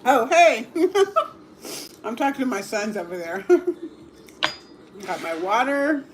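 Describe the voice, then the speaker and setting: A middle-aged woman talks slowly and easily to her livestream viewers between bites of dinner. She laughs often and lets out little murmurs as she tastes, into a phone mic on the table. Faint clinks of dishes sit in the background. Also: fairly high pitch, lively intonation, background noise. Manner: chatty, laughs often, murmurs while tasting food. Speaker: livestream cooking host. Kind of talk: casual livestream chat while eating. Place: home dining table.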